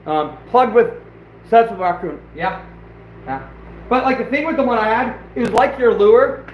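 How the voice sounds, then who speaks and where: A man's voice: very high-pitched, lively intonation, normal speed. A man hosting a live stream, chatting casually in a loose, rambling way full of fillers. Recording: echoey room, picked up from a distance, slightly dull with faint noise.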